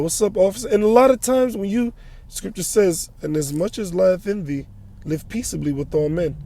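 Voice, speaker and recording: High-pitched preacher man in transit. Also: dark tone. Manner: quotes scripture, asks "all right?" and "you know?" often. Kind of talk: informal sermon on the move.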